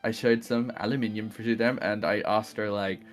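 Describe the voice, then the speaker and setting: A man's voice: on the low side, fairly even intonation, normal speed, faint music behind. A man with an Australian accent, chatting casually as a stream guest, rambling, swearing freely and laughing often.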